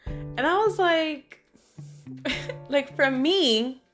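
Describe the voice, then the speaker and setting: A woman with a fairly high voice chats through a casual vlog. She tells her stories in an animated way and keeps dropping fillers as she goes. Soft music plays faintly behind her. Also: drawn-out words. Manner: animated, chatty, many fillers like "like" and "you know". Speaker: vlogger. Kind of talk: casual storytelling monologue.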